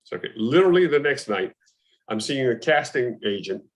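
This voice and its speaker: An actor being interviewed, a man telling lively anecdotes in casual conversation and acting out what other people said. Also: mid-range voice, a little fast. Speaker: actor guest.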